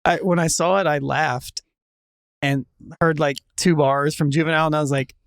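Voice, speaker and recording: A man co-hosting a hip hop podcast, speaking in deadpan sarcasm with hesitant fillers. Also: on the high side, normal speed, vocal fry, dry recording, studio quality. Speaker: podcast co-host. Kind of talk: casual chat.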